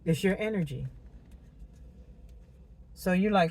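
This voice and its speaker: A woman doing a casual tarot reading monologue, animated and slangy, laughing and cursing as she talks. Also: deep voice, slow pace, long pauses. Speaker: tarot reader.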